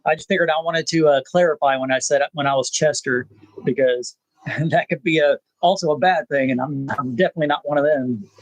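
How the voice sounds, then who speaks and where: A man, hosting a rambling live chat with viewers, pausing often with "uh". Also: a little high, no echo, highs cut off. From South Texas. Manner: laid-back, rambling, frequent "uh" pauses. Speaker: channel host.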